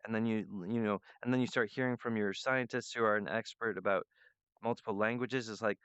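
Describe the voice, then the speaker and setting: A man's voice: lowish voice, steady tone, fairly quick, a bit bright, clean tone, no echo. A man hosting his own show, talking in a loose, meandering solo monologue that drifts from idea to idea. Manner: meandering, loose and free-associating. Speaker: show host. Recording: dull lo-fi dry recording.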